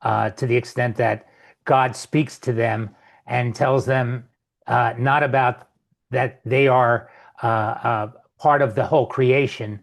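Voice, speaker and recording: A man's voice: mid-range voice, steady tone, slow pace, gravelly. A man hosting a podcast, posing a question hesitantly while searching for words. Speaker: podcast host. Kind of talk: interview question.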